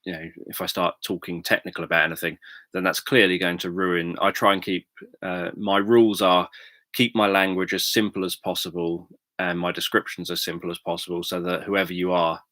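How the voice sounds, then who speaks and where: Very low, flat-voiced British man. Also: no room sound. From Britain. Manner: calm, measured, thoughtful explaining with frequent ums. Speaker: livestream host, sleep story narrator. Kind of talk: casual livestream chat.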